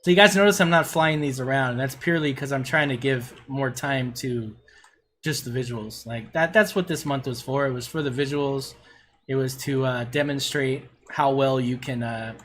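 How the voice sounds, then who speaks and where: A man's voice: mid-range voice, moderate pace, fairly bright tone, slight background noise. A middle-aged man on a casual livestream, gushing and swearing as he reviews player builds.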